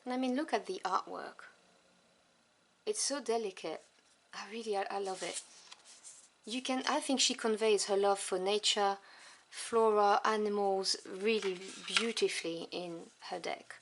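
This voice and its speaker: A woman whose first language is French, reviewing tarot cards one by one. She lists each card softly and without hurry, adding fond little asides. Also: medium pitch, slight background noise. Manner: soft, unhurried listing with fond asides.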